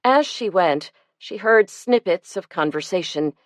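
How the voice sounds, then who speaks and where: A woman narrating a cozy mystery audiobook in a measured, even storytelling manner. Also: lowish voice, no echo, studio quality.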